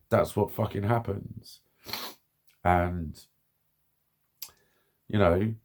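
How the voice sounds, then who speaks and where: A man's voice: fairly low pitch, warm tone. A man talking bluntly and frustrated in a candid vlog monologue, swearing often and repeating himself. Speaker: vlogger.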